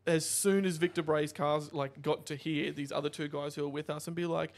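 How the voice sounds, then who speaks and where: An Australian man co-hosting a car podcast, with a voice pitched a little high for a man. He tells stories in a loose, chatty way and belts out other people's lines loudly. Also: brisk, hardly any pauses. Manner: animated storyteller, shouts out quoted lines. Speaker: podcast co-host. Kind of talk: casual chat.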